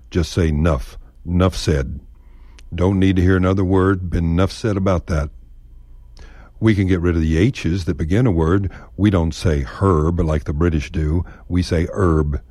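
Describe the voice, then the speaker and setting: A man telling folksy, wry radio stories in an unhurried, scripted way. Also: deep voice, warm tone, dry recording. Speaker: radio storyteller.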